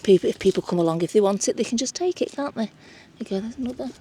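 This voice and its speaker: A woman's voice: medium pitch, expressive, rapid-fire, dark tone, slight background noise. Woman host, outdoor beach vlog, chatty and exclamatory. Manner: chatty, exclaiming over finds. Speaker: mudlarking vlogger. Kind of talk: casual chat while searching a beach.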